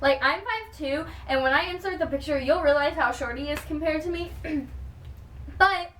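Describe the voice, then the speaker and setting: A woman from Texas telling a long, excited fan story on her vlog, rambling with lots of "like" and "um" fillers. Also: sits high, normal speed, slight background noise. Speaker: vlogger. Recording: roomy sound with the mic at a distance.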